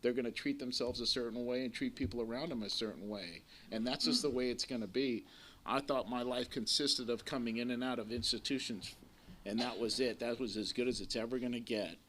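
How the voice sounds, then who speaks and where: A man in his forties stands before a live audience at a recovery meeting in a community center room, bluntly recounting his story with lots of profanity and a wandering flow. His mid-range voice is a bit bright and a little fast, with slight background noise in the live recording.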